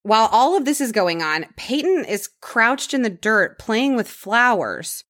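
A woman's voice: on the high side, big pitch swings, unhurried, fairly bright tone, no room sound, studio quality. A woman hosting a podcast, telling a true crime story in a casual conversational way and dropping her voice for grim details.

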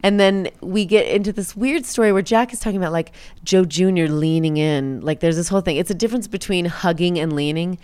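A young woman co-hosting a podcast, retelling a movie scene by scene and acting out the characters' lines in quick voices. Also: lowish voice, a little mellow, clean tone. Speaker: podcast co-host recapping a movie. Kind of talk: casual chat.

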